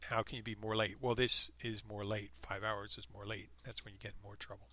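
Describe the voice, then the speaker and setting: A man reading a comic story aloud in a deadpan, playful way, acting out the quoted lines and adding his own remarks. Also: fairly low pitch, fairly quick, no room sound. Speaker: reader of online posts.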